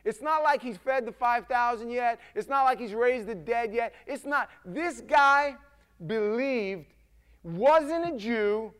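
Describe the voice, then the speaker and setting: Male pastor, high voice, animated conversational sermon delivery. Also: takes it slowly, clear, resonant tone. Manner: animated, acts out quotes, conversational.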